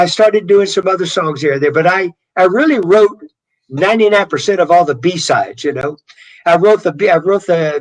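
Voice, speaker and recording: A man's voice: high voice, rough recording. Older man with a Southern twang. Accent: Southern US drawl. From Louisiana. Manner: rambling, animated storyteller with many restarts. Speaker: guest singer. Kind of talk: storytelling interview.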